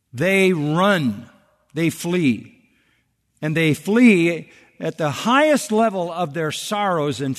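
Male pastor, sermon delivery, earnest and emphatic with repetition, slightly high voice, big reverberant sanctuary.

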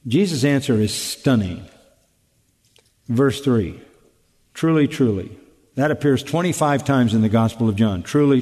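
A man preaching an expository sermon, emphatic and deliberate, asking rhetorical questions and repeating key phrases. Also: mid-range voice, darkish tone, in a large hall. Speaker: pastor.

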